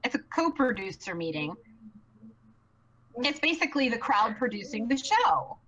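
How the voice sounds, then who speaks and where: A woman chatting excitedly on a live stream, bubbly and rambling, with many fillers and restarts. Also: a little high, normal speed, lo-fi sound. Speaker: live stream co-producer and host.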